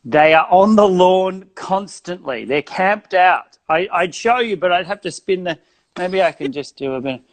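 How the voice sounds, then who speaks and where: A man's voice: high-pitched, lively intonation, measured pace. A man doing a wry Australian felt puppet comedian. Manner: dry, self-deprecating banter with rambling asides. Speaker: guest comedian.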